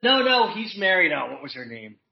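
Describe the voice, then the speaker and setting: A man's voice: high-pitched, sing-song, fairly quick, creaky, highs cut off. A man chatting casually as a podcast guest, rambling with many restarts and fillers. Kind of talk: casual chat.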